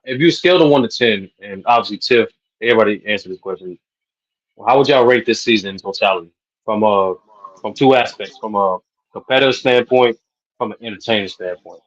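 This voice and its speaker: A man's voice: on the low side, fairly quick, dull audio. A man hosting a sports podcast, asking questions in a rambling, casual way full of fillers. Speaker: podcast host.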